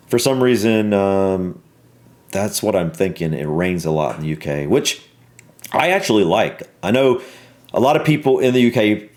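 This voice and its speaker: A man with a Southern American accent, reacting to a video in casual, rambling commentary full of pauses and ums. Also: fairly low pitch, darkish tone. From Southern United States. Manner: rambling, halting with many ums.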